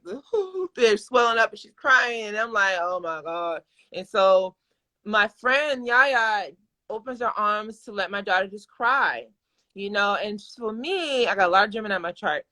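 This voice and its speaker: A woman in her thirties talks on a live stream through a phone or webcam, her voice bright and forward. She gushes and speaks candidly, often backing up to restart a sentence. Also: on the high side. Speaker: host of a live video chat. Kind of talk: casual live-stream conversation. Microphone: phone or webcam on a live video call.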